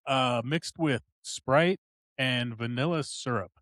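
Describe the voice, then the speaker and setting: A man's voice: mid-range voice, slow, fairly bright tone, dry recording. Laid back guy on a podcast, swears a lot, blunt, dry close mic. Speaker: podcast co-host. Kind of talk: casual podcast chat.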